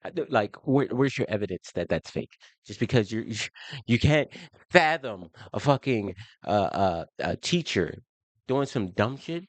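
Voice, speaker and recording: A man from Baltimore giving heated, profane reaction commentary, incredulous and quick to laugh, in his basement on a faulty home mic. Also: on the low side, big pitch swings, no echo. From Baltimore, USA. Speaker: reaction video host.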